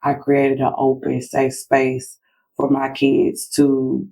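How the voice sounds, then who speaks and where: A woman's voice: a bass voice, monotone, slow pace, creaky, warm tone, slightly rough, low-quality recording. A woman guest in a casual interview, talking reflectively about parenting and retelling conversations with her daughters. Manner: reflective, acts out family dialogue.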